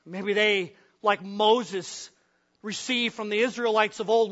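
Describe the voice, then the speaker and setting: A pastor from the upper Midwest preaching a sermon, asking the congregation questions and acting out the voices of frightened men. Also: male voice, high-pitched, steady tone, slow pace, fairly bright tone, lo-fi sound.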